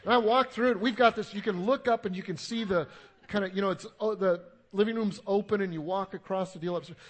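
High-voiced pastor preaching casually. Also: male voice, brisk. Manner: conversational, self-deprecating storytelling. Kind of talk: sermon.

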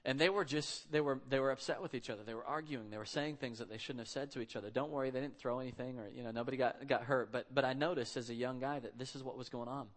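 A man's voice: mid-range voice, steady tone, quick pace, hardly any pauses. A man in his thirties preaching a sermon in a conversational, storytelling way. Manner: conversational storytelling, acts out quotes. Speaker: pastor.

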